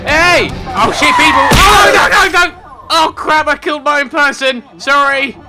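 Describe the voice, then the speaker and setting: A young man giving excitable let's-play commentary, yelping and shouting whenever something surprises him. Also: very high voice, unhurried, loud music behind the voice, over a noisy crowd. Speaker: gaming commentator.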